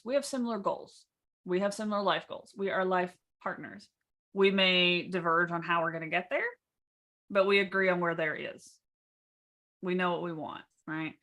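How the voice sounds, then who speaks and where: A woman business coach teaching in a casual workshop, speaking in a calm, measured, matter-of-fact way. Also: mid-range voice.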